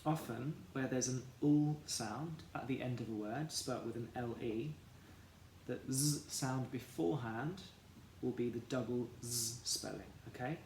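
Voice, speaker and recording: Male teacher, phonics lesson, unhurried and gravelly, echoey room. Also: medium pitch, darkish tone. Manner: slow, careful, sounding out each letter. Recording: echoey room, faint background noise.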